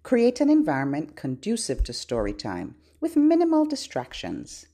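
A woman who works as a children's librarian, hosting a podcast and giving gentle tips to parents and babies in a slow, sing-song way. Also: low-pitched, wildly swooping pitch.

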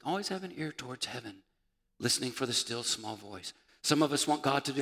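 A man preaching a sermon as pastor, moving between loud calls and hushed, near-whispered passages. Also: medium pitch, lively intonation, a little fast. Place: church sanctuary. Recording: church sanctuary with long reverb.

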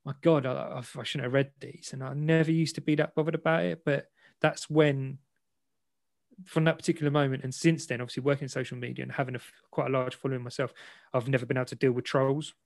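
A man speaks as an interview guest, at a mid pitch that sits squarely in the ordinary range. He tells his own story frankly and self-deprecatingly, with animated retelling. The sound is close and dry, with no room around it. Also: fast talker, vocal fry, no echo. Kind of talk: candid personal storytelling.

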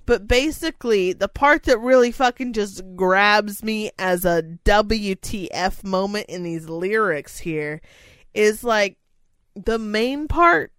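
A woman's voice: medium pitch, animated, slow pace, fairly bright tone, clear, resonant tone, no room sound. A woman co-hosting a casual podcast, ranting with lots of swearing and exasperation. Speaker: podcast co-host. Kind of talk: casual chat.

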